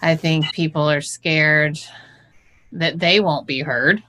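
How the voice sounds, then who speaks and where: A woman's voice: sits low, slow, bright, forceful tone. A woman hosting an interview, answering thoughtfully with some hesitation. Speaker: host. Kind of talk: casual chat.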